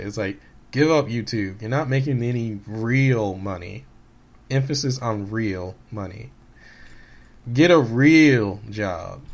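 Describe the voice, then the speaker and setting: Rambling, candid man vlogging. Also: mid-range voice. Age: late 20s to 30s. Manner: rambling with many restarts and fillers; candid and hurt, recounting quotes in a flat voice. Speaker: gaming YouTuber. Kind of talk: casual personal vlog talk.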